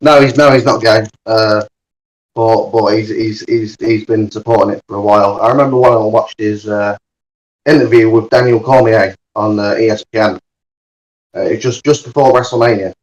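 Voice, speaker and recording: Podcast guest, male, low-pitched, halting delivery with many restarts. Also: fairly even intonation, low-quality recording. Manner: halting, many repeated words. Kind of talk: casual podcast chat.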